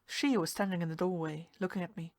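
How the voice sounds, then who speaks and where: A woman narrating a ghost story in a measured, hushed storytelling manner. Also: fairly low pitch, fairly even intonation, no echo, studio quality. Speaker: story reader.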